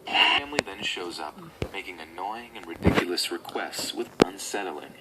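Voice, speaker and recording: Low-voiced man narrating a video script. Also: normal speed, heavy background noise.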